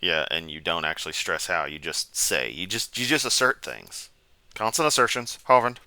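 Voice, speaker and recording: A man's voice: very deep voice, very animated, normal speed, pushed and bright, no room sound. A man giving sarcastic, rambling reaction commentary from a chair at home. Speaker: commentary streamer. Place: home room, seated.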